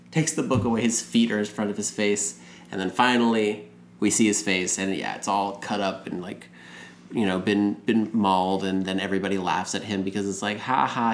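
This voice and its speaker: A man casually recapping a movie in a rambling way, acting out the characters' lines as he goes. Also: fairly low pitch. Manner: rambling, retells scenes with acted quotes. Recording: roomy room with faint noise.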